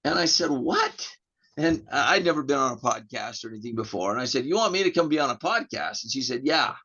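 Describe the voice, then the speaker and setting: A man's voice: mid-range voice, a little fast, slightly rough. Rambling American man telling a story. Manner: rambling, restarts, animated retelling of dialogue. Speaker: podcast guest, real estate agent. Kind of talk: casual storytelling in an interview. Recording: dull lo-fi audio.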